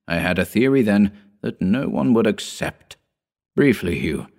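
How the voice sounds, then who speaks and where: A weary older astronomer explaining a dreadful truth in a deep, low voice, gentle but grave, as a male reader plays him. His storybook voice stays measured and calm.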